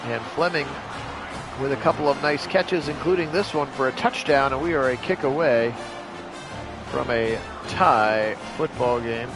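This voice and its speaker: A man calling a simulated football game on his own, jumping up loud on big plays and chatting with viewers in between. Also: medium pitch, a little slow, music in the background. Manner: rises sharply and loud for big plays, chatty asides to live chat. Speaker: play-by-play host of video game sims. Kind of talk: solo play-by-play commentary on a simulated game.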